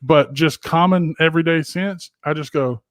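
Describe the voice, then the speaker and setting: Profane, animated man telling stories. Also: fairly high pitch, normal speed, dry recording. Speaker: podcast co-host. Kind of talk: casual chat. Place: home office.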